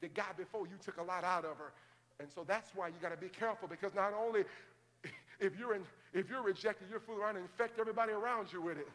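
A male pastor with a high voice preaches to his congregation in a church sanctuary. He speaks conversationally, acts out quoted church members in quick asides, and builds to fervent shouting. The recording has long hall reverb and faint ambience.

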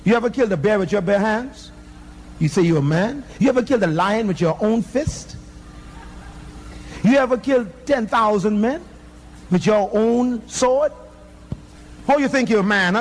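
A man's voice: sits high, expressive, moderate pace. A man preaching a fiery sermon, emphatic and firing off rhetorical questions at the congregation. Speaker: pastor.

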